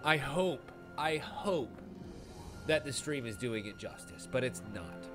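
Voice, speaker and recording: Excitable man streaming a game. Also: mid-range voice, slow. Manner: excitable, swearing, gushing. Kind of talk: live game stream commentary. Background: game music.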